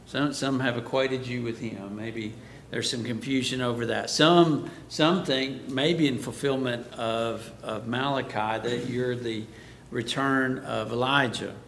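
Man, preacher, Bible class sermon, slow, asks questions and answers them, echoey room. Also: steady tone, fairly bright tone. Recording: echoey room, faint background rumble.

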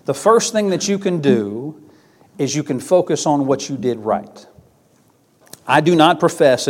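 A man's voice: mid-range voice, animated, moderate pace. A man preaching a sermon in an earnest way, building emphasis through repeated phrases.

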